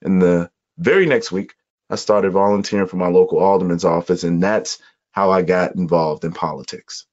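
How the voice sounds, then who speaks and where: A man from Chicago, a guest telling his life story in an earnest, reflective conversation with measured pauses. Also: low voice, a little mellow. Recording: muffled, dull audio.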